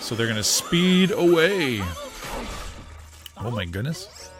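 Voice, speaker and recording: A man hosting a podcast, narrating a cartoon scene by scene in a casual, excitable way and often breaking into giggles. His pitch swings widely as he talks. Faint music plays underneath. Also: slow, pauses often. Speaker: podcast host. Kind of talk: casual play-by-play commentary on a cartoon.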